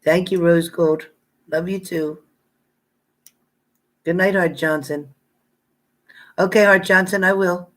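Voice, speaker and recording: A tarot reader talks casually to a live-stream audience in a plain, straight-talking way. The voice is playful and quick to laugh as it greets viewers one by one. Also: medium pitch, steady tone, fairly bright tone. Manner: chatty, greets viewers by name; laughs often, playful banter.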